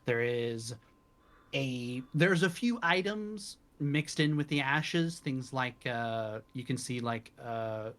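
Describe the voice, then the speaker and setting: A man running a tabletop game as game master, narrating scenes in a descriptive, unhurried way over a voice call. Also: mid-range voice, a bit bright. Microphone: headset or desk mic on a voice call.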